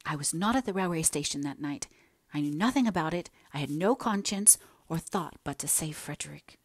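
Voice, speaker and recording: A woman reads as an earnest young heroine, anxious and full of remorse, pleading as she confesses. Her voice sits rather low. The sound is dry and close-miked. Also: lively intonation, a little fast, no echo. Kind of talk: audiobook character reading.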